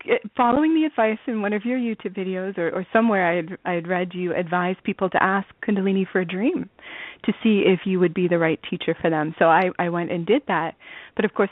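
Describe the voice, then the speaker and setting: A woman's voice: medium pitch, no room sound. A woman interviewed as a student guest, talking earnestly and laughing readily, over a dry, tinny phone line.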